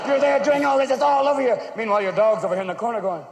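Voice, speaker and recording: A man performing a stand-up comedy routine on stage, manic and rapid-fire, darting into silly voices, recorded live with a roaring audience. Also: high-pitched, noisy background. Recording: roomy live show recording, loud audience laughter.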